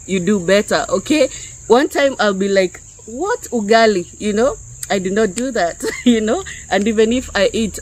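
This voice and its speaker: A woman's voice: mid-range voice, rough recording. A woman from Kenya giving an unscripted spiritual teaching to her online viewers, talking conversationally and often checking in with "yeah?" and "okay?". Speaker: YouTube preacher.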